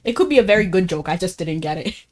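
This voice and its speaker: A woman game streamer chatting casually as she plays, talking fast, laughing often and saying "like" a lot. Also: on the low side, lively intonation. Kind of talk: casual live-stream chat while gaming.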